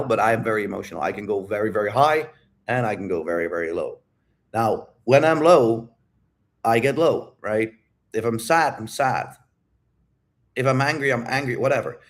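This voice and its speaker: A man coaching on dating in a casual livestream Q&A, talking bluntly and with lots of swearing, repeating his key phrases and asking viewers directly if they follow. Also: on the low side.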